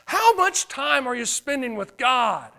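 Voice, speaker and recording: A man preaching a sermon as pastor, swinging from loud emphatic lines to hushed quiet ones. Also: very high voice, sing-song, unhurried, creaky.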